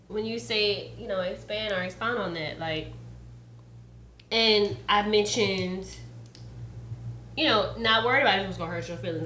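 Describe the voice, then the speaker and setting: A woman's voice: medium pitch, bright, forceful tone, roomy sound, a little hiss or hum. A woman in her twenties hosting a casual chat, blunt and teasing. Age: 20s.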